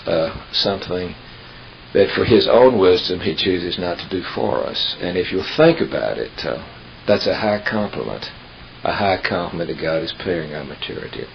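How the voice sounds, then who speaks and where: Deep-voiced man preaching in storytelling fashion. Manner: folksy storyteller, unhurried with emphatic pauses. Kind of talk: sermon with humorous storytelling. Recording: dull lo-fi tape with hiss.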